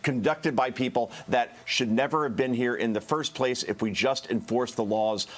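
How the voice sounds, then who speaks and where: A man of middling pitch speaking as a cable news panelist. He argues earnestly and firmly, stumbling over a few restarts. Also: moderate pace. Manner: earnest, emphatic, with filler restarts.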